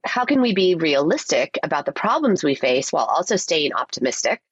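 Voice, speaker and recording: A woman co-hosting a podcast, her voice stuffy and a little husky from a cold. She talks low and lively, and her pitch moves a lot. The sound is close and dry. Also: brisk, no echo, lo-fi sound. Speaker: podcast co-host. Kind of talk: podcast intro and casual chat.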